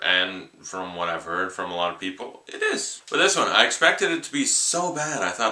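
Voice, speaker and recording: A young man talks through a film review in a loose, offhand ramble that leans on "like". His voice sits fairly low but sounds very bright. The room is echoey. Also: brisk. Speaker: movie reviewer. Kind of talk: casual spoken film review.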